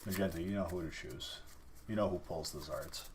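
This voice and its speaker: A man's voice: sits low, brisk, heavy background noise. A man casually chatting on a live stream while opening card packs, teasing and thanking viewers.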